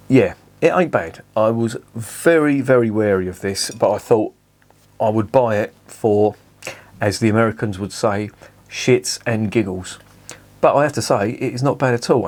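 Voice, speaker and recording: A man reviewing beer in a blunt, sweary, animated rant. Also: on the low side. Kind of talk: casual ranting review.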